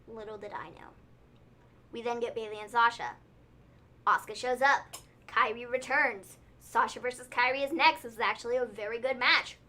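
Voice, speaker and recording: Woman co-host, high bright voice, rambling casual recap talk. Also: moderate pace. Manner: rambling, lots of "like" and "so". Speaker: podcast co-host. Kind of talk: casual wrestling recap chat.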